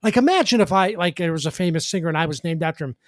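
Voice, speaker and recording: A man in his sixties telling a story in casual podcast chat, animated and quick with his asides. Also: fairly high pitch, dry recording. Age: 60s. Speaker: guest, former radio co-host and columnist.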